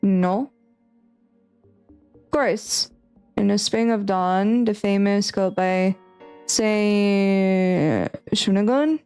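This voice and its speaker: A woman's voice: mid-range voice, drawn-out words, pauses often, a little mellow, clean tone, soft background music. A woman streaming a visual novel, reading lines aloud and rambling through her theories with giggly, unsure asides. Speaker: game streamer. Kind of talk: playthrough commentary and reading aloud.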